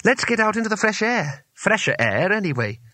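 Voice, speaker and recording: Man doing a brisk impatient young woman. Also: high voice, very animated, bright, forceful tone, no room sound, pitched above the performer's own voice, exaggerated voice. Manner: blunt and impatient.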